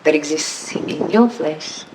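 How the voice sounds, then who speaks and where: A woman's voice: sits low, takes it slowly, darkish tone. A woman telling a heartfelt, reflective personal story at a camp gathering, describing her land in vivid detail before singing. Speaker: storyteller and singer. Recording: distant mic with faint background noise.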